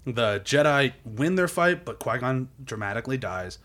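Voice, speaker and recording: A man recapping a film in casual chat, animated and swearing, acting out quotes in goofy voices. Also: medium pitch, moderate pace.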